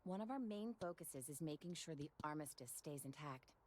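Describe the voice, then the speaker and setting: A woman's voice: low-pitched, lively intonation, moderate pace, darkish tone. An actress voicing a friendly young woman clerk in a video game, talking in an earnest, chatty way.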